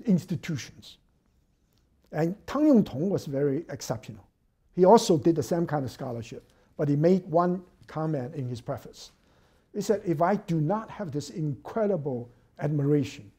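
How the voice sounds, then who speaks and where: A man's voice: on the high side, dark tone, slightly rough. Man giving a lecture. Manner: thoughtful, hesitant with frequent fillers and restarts. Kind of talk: academic lecture.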